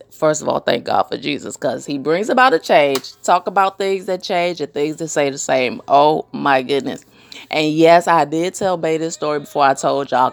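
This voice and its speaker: A woman hosting a podcast, telling funny weekend stories in a casual, animated way and acting out the other people in them. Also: on the low side, vocal fry. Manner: animated storytelling, laughs often, acts out voices. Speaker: podcast host. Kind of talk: casual chat.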